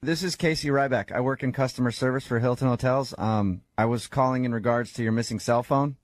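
A man's voice: mid-range voice, fairly even intonation, no echo, clean studio sound. An American man making a prank phone call, playful and teasing, playing dumb. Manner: playful, teasing, deliberately obtuse. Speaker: prank caller.

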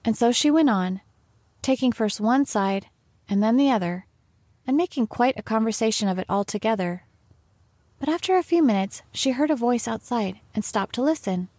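A woman's voice: a little high, animated, moderate pace, darkish tone, no echo. Woman narrating a storybook. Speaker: audiobook narrator.

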